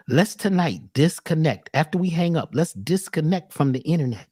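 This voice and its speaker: Brief: preachy motivational man, punning and cursing, lively swinging delivery, dry close sound. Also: a little high, normal speed, hardly any pauses, breathy edge, no echo. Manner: animated, preachy, punning and profane. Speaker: speaker and workshop teacher. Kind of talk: motivational lecture on a call.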